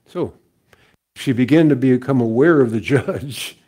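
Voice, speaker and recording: An older man giving a sermon as a story, folksy and gentle, repeating his key lines. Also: medium pitch, unhurried, breathy edge. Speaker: guest speaker and minister.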